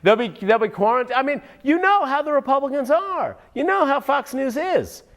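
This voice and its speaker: A man's voice: very high-pitched, sing-song, normal speed. A man ranting sarcastically in political commentary, often turning aside to address an unseen listener.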